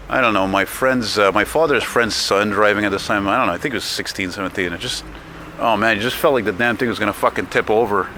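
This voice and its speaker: A man vlogs as he walks windy city streets, talking casually to his handheld camera while grumbling and swearing along the way. His voice is lowish with a sharp tone, and the camera mic picks up wind and traffic noise.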